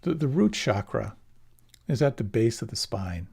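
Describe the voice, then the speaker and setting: A man giving a relaxed, reflective meditation talk, often letting his phrases trail off softly. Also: mid-range voice, moderate pace, gravelly, slightly rough. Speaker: meditation teacher. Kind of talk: dharma talk.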